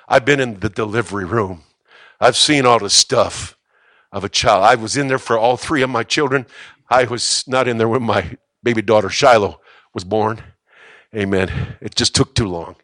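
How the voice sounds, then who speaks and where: A middle-aged man preaching a sermon in a church, moving from quiet asides to shouting and joking with the congregation. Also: mid-range voice, no echo, studio quality. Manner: jokes with the congregation. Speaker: pastor. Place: church sanctuary.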